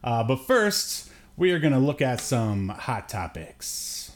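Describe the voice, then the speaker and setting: A man's voice: medium pitch, big pitch swings, slow pace, background noise. A man hosting a podcast in casual chat, joking and laughing often, with plenty of fillers. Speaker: podcast host.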